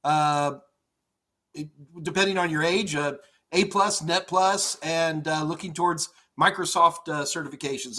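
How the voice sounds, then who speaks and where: Middle-aged male IT trainer, slightly high voice, energetic live-stream Q&A from home, chatty and rambling. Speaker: IT certification instructor. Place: home office.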